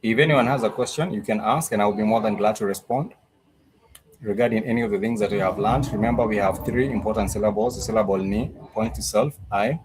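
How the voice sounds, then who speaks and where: Man, lowish voice, live-streamed language lesson, patient and repetitive, lots of "uh" pauses. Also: darkish tone, slight background noise, poor audio. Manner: patient, repeats phrases for drilling; pauses with frequent "uh" fillers. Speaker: Swahili language teacher.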